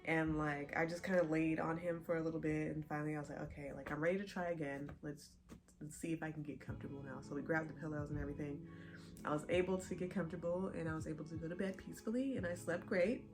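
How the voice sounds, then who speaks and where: Over music, a young pregnant vlogger chats casually with her viewers, laughing often as she tells a story. Her voice is low and steady, and she talks fast.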